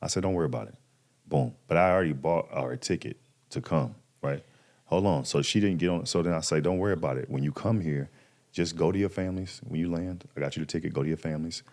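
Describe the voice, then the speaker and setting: A man's voice: rumbling low, fast talker. A man in his thirties, a podcast guest, casually telling a personal story with lots of slang and acted-out quotes. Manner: animated, acts out quoted voices, slangy.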